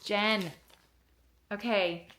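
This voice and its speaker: A woman vlogger unboxing a package in a casual, excited way, gushing and close to tears. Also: medium pitch, extremely slow.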